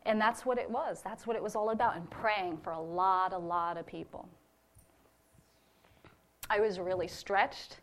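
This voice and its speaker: A woman's voice: medium pitch, measured pace, pauses often. Woman, church member reporting on a ministry trip, heartfelt testimony delivery. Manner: earnest and heartfelt, with fillers. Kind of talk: personal testimony to a congregation.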